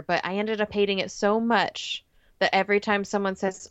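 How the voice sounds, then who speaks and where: A woman's voice: mid-range voice, fairly quick, smooth, no echo. Laughing woman podcast guest, dull mic. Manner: laughing, ranting, animated storytelling. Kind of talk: casual podcast chat.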